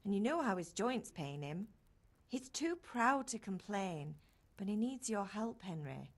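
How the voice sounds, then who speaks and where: A woman's voice: mid-range voice, very animated, unhurried. An actress playing Henry's mother, a caring village woman who nags her son fondly. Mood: worried. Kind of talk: game character dialogue.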